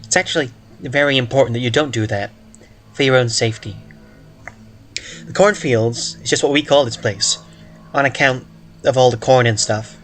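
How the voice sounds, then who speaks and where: Man reading as eerie placid child, slow pointed delivery, mid pitch, faint music behind. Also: fairly bright tone, natural voice.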